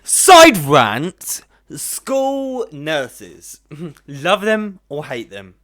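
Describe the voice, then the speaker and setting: A man's voice: on the high side, very animated, extremely slow, a bit bright. A young man casually ranting in a reaction video, swearing a lot and laughing often.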